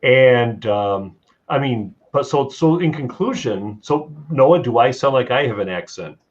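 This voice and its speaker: A man's voice: mid-range voice, animated, a little slow. A man from Chicago hosting a live talk show, with an enthusiastic, announcer-like way of talking. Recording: slightly muffled with faint background noise.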